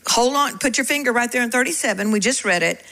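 A middle-aged woman preaching a sermon, animated and calling out questions to the congregation. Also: fairly high pitch, quick pace, gravelly, poor audio.

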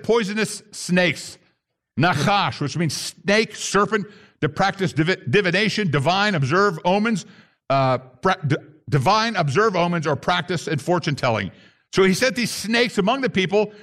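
A man with a high-pitched voice delivers a sermon from the pulpit. He reads scripture aloud and lifts his voice on the key points. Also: fairly bright tone. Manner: emphatic preaching, voice rises on key points. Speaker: pastor.

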